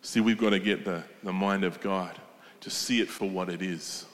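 A man's voice: low-pitched, fairly even intonation, normal speed. A man preaching a sermon, retelling a story and asking the congregation emphatic questions. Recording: long hall reverb.

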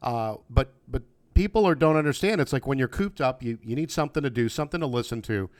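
A man's voice: mid-range voice, expressive, quick pace, no room sound. A man hosting a podcast, talking casually and rambling with friendly fillers and restarts over a remote call. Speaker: podcast host. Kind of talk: casual interview. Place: home, remote video call.

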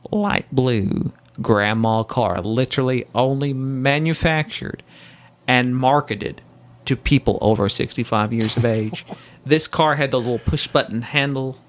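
A man's voice: mid-range voice, a little slow. A man co-hosting a board game podcast, chatting casually and joking, laughing often. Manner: jokey, laughs a lot, slips into silly voices. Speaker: podcast co-host. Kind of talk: casual banter.

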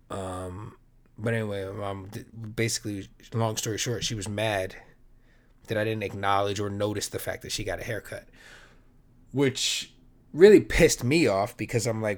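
A man's voice: on the low side, animated, brisk. Laid-back, rambling man hosting a podcast. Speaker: podcast host. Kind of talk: casual solo podcast monologue.

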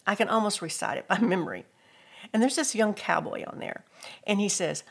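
A woman's voice: mid-range voice, expressive, brisk, gravelly, husky. A middle-aged woman giving a devotional teaching talk, telling personal stories and lifting her voice for scripture quotes. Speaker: Christian speaker.

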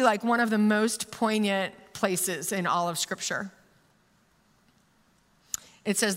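A woman preacher delivers a casual, conversational sermon, animatedly telling a story with plenty of fillers. Her voice is fairly high, a little fast, bright and forceful. The long reverb of a large hall surrounds her.

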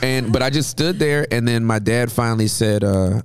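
A man in his forties from Southern California, a pastor telling stories as a guest in an interview, with a humorous, lively manner. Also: mid-range voice, normal speed, smooth. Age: 40s. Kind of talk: interview storytelling.

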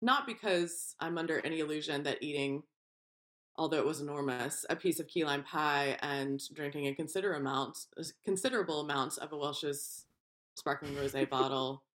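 A woman co-hosting a podcast in casual chat, telling animated stories and acting out quoted voices. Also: low-pitched, normal speed. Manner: animated storyteller, acts out quoted voices, laughs often. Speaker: podcast co-host.

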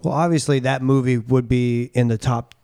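A man co-hosting a casual podcast, explaining his thinking in measured, pausing phrases. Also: medium pitch, steady tone, dark tone, clear, resonant tone, dry recording, clean studio sound. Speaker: podcast co-host.

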